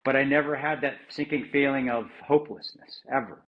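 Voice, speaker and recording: A man's voice: medium pitch, steady tone, fairly quick, dull audio. A middle-aged American man, a former Army Ranger, telling his story in a plain-spoken way with many restarts and some swearing. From United States. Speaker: interview guest, former Army Ranger and security contractor. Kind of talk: candid conversational storytelling.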